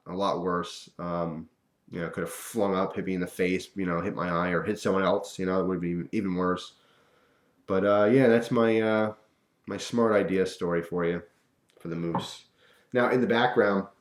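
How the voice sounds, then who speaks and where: A man casually telling a personal story to camera, animated and chuckling, acting out the voices of the people in it. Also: lowish voice. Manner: animated, acts out quoted voices, chuckles often. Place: room at home. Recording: roomy echo.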